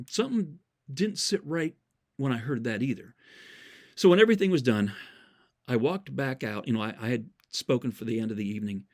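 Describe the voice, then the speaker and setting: Guy preaching a sermon-style talk, mid pitch, earnest, keeps repeating words to hammer them home. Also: lively intonation, a little fast, a little mellow. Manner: cites scripture verses from memory. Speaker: Christian speaker.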